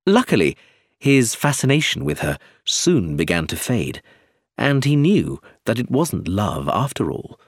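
A man narrating an audiobook chapter in an expressive, dramatic storytelling manner. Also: medium pitch, measured pace, no echo, clean studio sound. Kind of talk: scripted narration.

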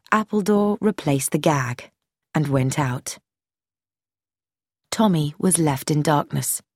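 A woman narrating a story in a measured, deliberate audiobook reading. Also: lowish voice, darkish tone, dry recording, clean studio sound.

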